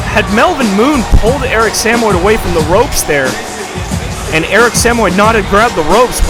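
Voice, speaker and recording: A man doing play-by-play commentary for a video game wrestling show, getting excited and shouting at the big moments. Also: high voice. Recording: loud music and crowd behind.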